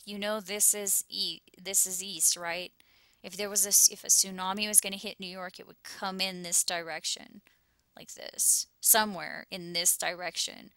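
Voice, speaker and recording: Upset woman vlogger near tears, bright tone, gravelly edges, flat pitch, dry close sound, slips into whispers. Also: no room sound. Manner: shaken, breaks into whispers, restarts often. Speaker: YouTuber sharing visions. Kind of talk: anxious vlog commentary over a map.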